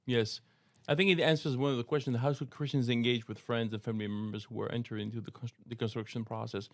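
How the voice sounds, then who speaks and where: An older man with a French accent talks through faith questions on a podcast, earnest and a little halting, often restarting his sentences. His voice sits at a middle pitch. The sound is dry and close, with no room around it. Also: steady tone, no room sound. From France. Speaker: co-host and apologetics teacher. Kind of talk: casual podcast conversation.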